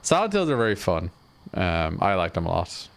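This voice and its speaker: A man's voice: low-pitched, big pitch swings, moderate pace, smooth. A man casually chatting on a live stream while playing a game, rambling, self-deprecating and swearing offhand.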